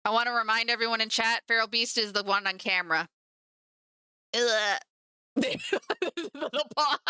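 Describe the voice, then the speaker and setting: A woman's voice: a little high, fairly even intonation, a little fast, sharp tone, smooth, dry recording. A woman streaming as she paints miniatures, chatting casually and teasing her cat at home. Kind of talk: casual live-stream chat.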